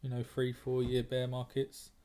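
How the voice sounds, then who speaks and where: A man's voice: mid-range voice, monotone, normal speed, dark tone, clean tone. Blunt man in casual trading chat. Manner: blunt, repeats words while thinking. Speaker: trader and moderator. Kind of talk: casual group discussion.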